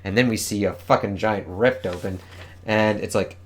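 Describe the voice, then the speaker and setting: A man's voice: lowish voice, normal speed. Casual swearing comic reviewer, a man. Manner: casual and profane, reads dialogue aloud in voices. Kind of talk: casual read-along review.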